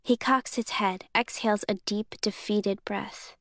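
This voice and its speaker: A woman narrates an audiobook in the first person, in a measured, even tone at a middling pitch. The recording is dry and close, with no room sound. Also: dry recording.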